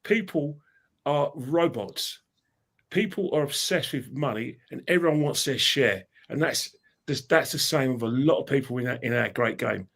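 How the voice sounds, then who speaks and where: A man with a London accent, a panelist in a casual football chat, talking in an opinionated, animated way. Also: medium pitch, moderate pace, gravelly.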